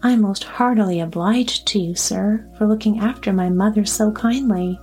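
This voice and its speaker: A woman voicing a quiet, matter-of-fact grown son in a storybook reading. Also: medium pitch, moderate pace, faint music behind, natural voice. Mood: earnest. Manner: quiet, earnest.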